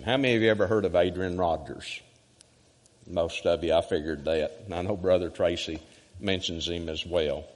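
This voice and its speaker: Low-voiced evangelist preaching, punchy rhythm, big church reverb. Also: male voice. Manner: emphatic, rhythmic preaching, swinging from loud to hushed. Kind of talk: sermon. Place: church sanctuary. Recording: church sanctuary with long reverb.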